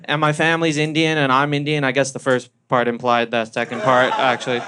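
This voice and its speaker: A young Canadian man tells stand-up stories on a club stage with a dry, deadpan delivery. His voice sits at an ordinary middle pitch. Faint noise from the room sits behind him. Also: a little fast. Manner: deadpan storytelling, punchy delivery. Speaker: stand-up comedian. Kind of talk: stand-up comedy set.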